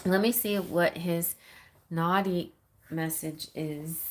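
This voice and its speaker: A woman's voice: on the low side, fairly even intonation, takes it slowly. A woman giving tarot readings on a live stream, reading messages aloud in a playful, giggly way. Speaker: tarot reader.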